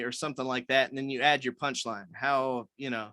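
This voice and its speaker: A man's voice: mid-range voice, fairly even intonation, brisk, pushed and bright, no room sound. A man leading a writers' meeting on a video call, explaining things loosely with many fillers and restarts.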